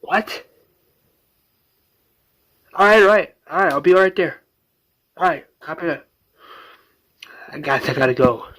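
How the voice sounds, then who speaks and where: Brisk young detective voiced by a man, bright and quick. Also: on the high side, animated. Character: young male detective called to a scene.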